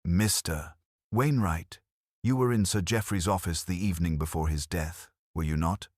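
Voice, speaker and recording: Here a man with a deep, slightly mellow voice, at a moderate pace, portrays an elderly woman sleuth; the studio-quality audio has no room sound. The character is gentle, shrewd, unruffled, and speaks in a pleasant, light, conversational, probing manner.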